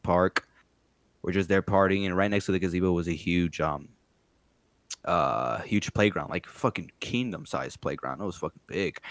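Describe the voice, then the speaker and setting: A man's voice: sits low, clean tone, dry recording. A young man co-hosting a podcast, telling a long story in a loose, profane, casual way. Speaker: podcast co-host. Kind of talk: casual chat.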